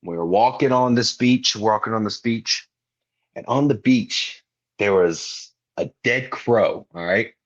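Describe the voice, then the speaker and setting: A man's voice: on the low side, measured pace, lo-fi sound. A young man, a wrestler guest on a podcast, telling stories in a casual, slangy way and acting out what people said. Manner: animated, slangy storyteller who acts out quotes. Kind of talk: casual storytelling.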